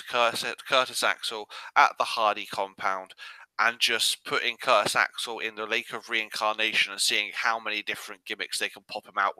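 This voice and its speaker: A man's voice: on the low side, pushed and bright, smooth, no room sound, low-quality recording. A man co-hosting a podcast, chatting casually and often restarting his sentences mid-thought. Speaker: podcast co-host. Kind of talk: casual chat.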